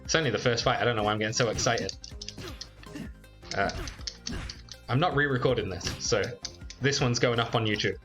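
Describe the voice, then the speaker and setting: A man giving casual let's play commentary on a video game, chatty and relaxed, with frequent fillers. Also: mid-range voice, fairly quick, pauses often, over music. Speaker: YouTuber playing a game.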